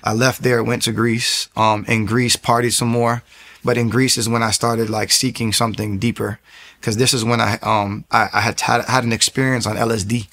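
A young adult man recounts his personal testimony in a rapid, earnest flow. He restarts his sentences often and pushes his voice up into loud, intense bursts as he relives key moments. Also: medium pitch, level tone. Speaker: testimony speaker.

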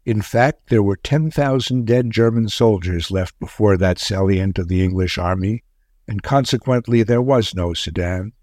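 A man's voice: on the low side, normal speed, a little mellow, dry recording. Solemn male storyteller, dry recording. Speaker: narrator. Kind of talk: scripted story narration.

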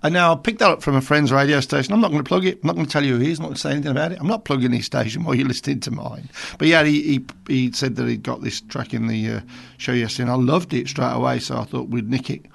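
A man's voice: mid-range voice, rapid-fire, gravelly, a bit bright. A man in his sixties from Birmingham, a radio presenter chatting between songs and telling a rambling story with self-amused asides. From England. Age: 60s.

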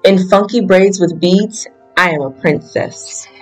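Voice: mid-range voice, unhurried, soft background music, low-quality recording. A reader giving a children's picture book a plain first-person reading. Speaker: storyteller.

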